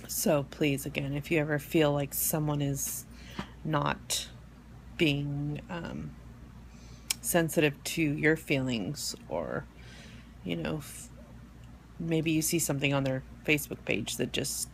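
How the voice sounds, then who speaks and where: A woman hosting an online support group on a live stream, talking in a rambling, halting way with many fillers and restarts, soft and heartfelt. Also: low voice, gravelly, slight background noise. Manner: soft and heartfelt, near tears at times. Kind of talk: casual live-stream talk. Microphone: phone or webcam for a live stream.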